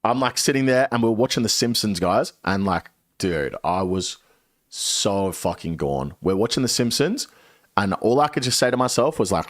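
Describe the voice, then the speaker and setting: A young man streamer telling a story in a casual way, animated and swearing a lot. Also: fairly low pitch, normal speed, dry recording, clean studio sound.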